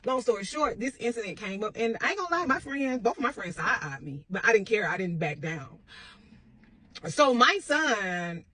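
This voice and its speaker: A woman's voice: mid-range voice, sing-song, normal speed, bright, forceful tone, slightly rough. A woman telling a personal parenting story in a casual, blunt, rambling way, with some profanity. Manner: rambling with restarts; confident.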